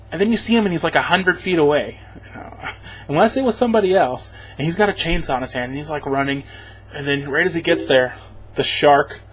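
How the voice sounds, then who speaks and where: A man's voice: fairly high pitch, fairly bright tone. A man giving a rambling, sarcastic spoken movie review, chuckling as he goes. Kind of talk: casual spoken film review.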